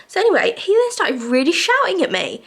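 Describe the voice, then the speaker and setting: A woman's voice: very high voice, huge pitch swings, brisk, vocal fry, a bit bright. A woman talking casually to camera in a vlog, shaken and a little tearful, chatting with lots of fillers. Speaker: vlogger.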